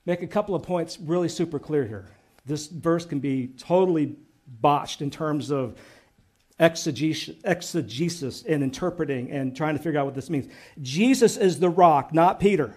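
A man preaching a sermon, earnest and growing excited and emphatic as he teaches. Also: on the high side, moderate pace. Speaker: pastor.

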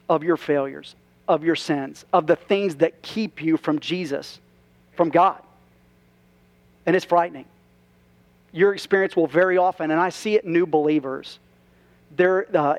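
High voiced guy preaching in church, chatty, lots of questions to the crowd. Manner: conversational preaching with rhetorical questions and asides. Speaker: pastor. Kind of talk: sermon.

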